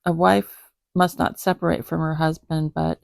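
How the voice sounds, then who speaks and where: Giggly woman with a gravelly, low voice. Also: little pitch movement, moderate pace, darkish tone, no echo. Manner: giggly, chatty, self-deprecating. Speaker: host. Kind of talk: casual Bible reading to pets.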